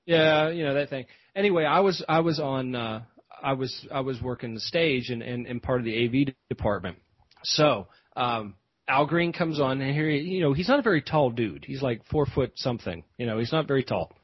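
A man's voice: medium pitch, expressive, moderate pace, dry recording. A man hosting a podcast, telling a rambling story with lots of fillers and restarts. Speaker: podcast host. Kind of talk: casual storytelling. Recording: dull lo-fi podcast audio.

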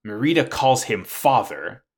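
A man's voice: mid-range voice, sing-song, unhurried, very noisy. A man recapping a plot in casual chat, rambling with lots of fillers and swearing. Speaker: podcast co-host recapping an anime.

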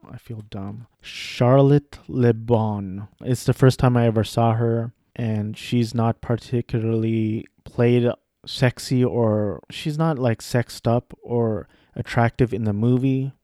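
A man's voice: medium pitch, steady tone, takes it slowly, warm tone, no echo, clean studio sound. Rambling young man chatting about movies. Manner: rambling, self-correcting, offhand. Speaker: vlogger. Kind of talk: casual film chat.

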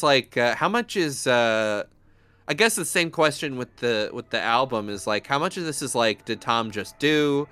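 A man's voice: mid-range voice, sharp tone, clear, resonant tone. An American man co-hosting a streamed game playthrough, rambling casually with lots of fillers and jokes. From United States. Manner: rambling, filler-heavy, joking. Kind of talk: casual chat.

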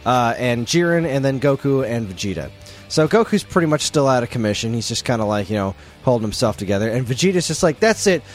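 A man with a lively, swooping voice, recapping an episode for his podcast co-hosts. He talks in an excitable, slangy, casual way, with a faint music bed behind him. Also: medium pitch, fast talker. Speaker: podcast co-host.

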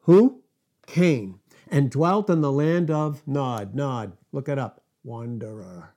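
A man's voice: mid-range voice, slow, mellow. A man preaching a sermon, pressing his listeners with repeated rhetorical questions and emphatic calls.

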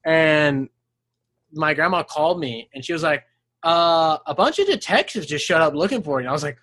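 A man's voice: normal speed, no echo. A young man in casual chat, telling stories with lots of swearing and laughter and acting out the voices of people he quotes. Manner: animated storyteller, swears freely, laughs mid-sentence; acts out voices in quoted lines, jumping up high.

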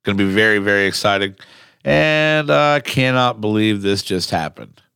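A male podcast host in casual, animated chat, blunt and quick to swear. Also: fairly low pitch, vocal fry, smooth, dry recording, studio quality.

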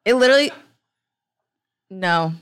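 A woman's voice: medium pitch, animated, measured pace, slight background noise. A woman chatting on a podcast as a guest, chatty and easily spooked. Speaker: guest, host's wife. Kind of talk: casual chat.

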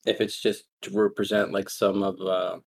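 A man's voice: lowish voice, little pitch movement, moderate pace. A young man co-hosting a casual sibling podcast over voice chat. He talks loosely, swears freely, and trails into fillers when he explains a point. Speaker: podcast co-host. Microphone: voice chat recording.

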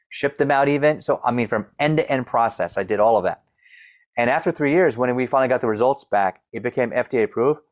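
A middle-aged man with a stutter talks as an interview guest. He explains things eagerly and demonstrates sounds as he goes. His voice sits at a middling pitch. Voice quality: stutters, repeating opening sounds. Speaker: guest coach. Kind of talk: conversational interview.

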